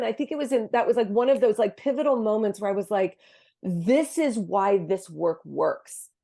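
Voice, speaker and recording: A woman's voice: mid-range voice, dark tone. A woman speaking as a podcast guest, her voice sitting in a middle register. She tells her story earnestly and from the heart, stumbling and restarting as she goes. It is a casual faith conversation.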